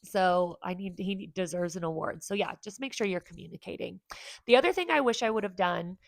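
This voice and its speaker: A woman's voice: lowish voice, brisk, creaky, no echo. A woman in her forties giving candid, earnest advice in a casual vlog from home. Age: 40s. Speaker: vlogger and therapist.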